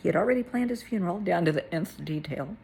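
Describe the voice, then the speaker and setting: A middle-aged woman tells a personal story, her voice gravelly and very husky. She speaks softly and tearfully, sometimes sinking to a whisper, with a fairly low pitch. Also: lively intonation, quick pace. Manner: tearful, soft-spoken, drops to a whisper at moments. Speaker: therapist.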